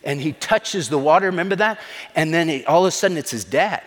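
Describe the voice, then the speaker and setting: Emphatic preacher in a big hall. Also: male voice, on the high side, lively intonation, brisk. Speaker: pastor. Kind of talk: sermon.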